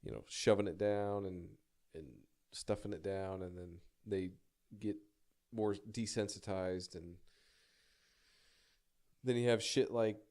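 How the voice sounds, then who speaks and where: A man's voice: lowish voice, fairly even intonation, slow pace, darkish tone. A young man telling a personal story in a rambling, self-deprecating way, swearing casually and stumbling through many restarts.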